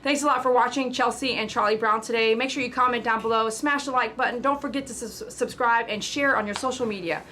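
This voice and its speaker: Woman, pet groomer hosting a live stream, loud and talkative, slightly high voice. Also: fairly even intonation, fast, few pauses, slight background noise. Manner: chatty sales pitch. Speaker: pet groomer and livestream host. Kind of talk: casual livestream chat.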